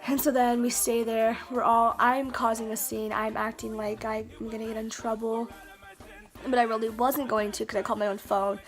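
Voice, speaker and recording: A woman with a slightly high voice tells a casual storytime vlog straight to her camera. She rambles along, stumbling over her words and filling the gaps with "like" and "you know", while faint music plays softly behind her. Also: level tone, moderate pace. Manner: chatty, many fillers and restarts, stammers. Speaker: vlogger. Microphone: camera mic.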